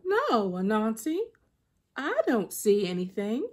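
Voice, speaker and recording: A woman voicing a calm, clever female little bush deer who answers innocently. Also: a little high, takes it slowly, full character voice. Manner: calm, innocent, playing along.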